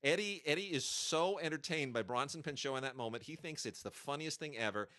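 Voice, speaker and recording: A man on a podcast, spinning an anecdote in an emphatic, chatty way. His voice has a bright, forward edge. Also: on the high side, fairly quick. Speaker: podcast co-host. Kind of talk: casual chat and anecdotes.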